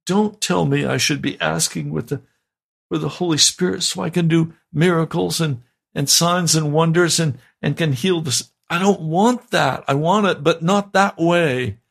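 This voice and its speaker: A man's voice: a little high, unhurried, vocal fry, breathy edge. A man preaching a sermon as pastor, fervent and emphatic, repeating his pleas. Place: broadcast sermon.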